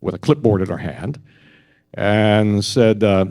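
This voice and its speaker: An older man and broadcast journalist telling stories at a press club event, halting often and restarting his sentences. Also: lowish voice, darkish tone. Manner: halting, with many restarts and fillers.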